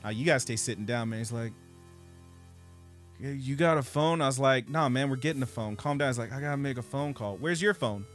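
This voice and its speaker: Casting note: man, podcast co-host, swearing, lively storyteller, mid pitch, faint music underneath. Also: a little fast. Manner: profane, animated storyteller acting out others' lines.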